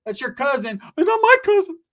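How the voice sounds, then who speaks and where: A man voicing a hotheaded young man who shrieks his lines in a high, squeaky, belligerent voice. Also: sing-song, brisk, fairly bright tone, exaggerated voice. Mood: outraged.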